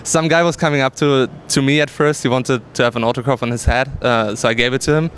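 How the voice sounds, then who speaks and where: A man's voice: medium pitch, steady tone, fast talker, a bit bright. Give me a young German-accented man chatting candidly in an event interview, faint noise behind. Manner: candid, laughs easily, hesitant fillers. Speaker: pro gamer guest. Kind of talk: casual interview answers. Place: busy gaming event venue.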